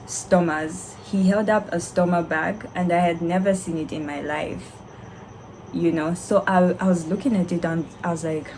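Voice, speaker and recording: A young woman recounts her story in a casual vlog, animated and candid, laughing often. Her voice sits on the lower side for a woman. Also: slight background noise, poor audio. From Zambia. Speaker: vlogger, young doctor.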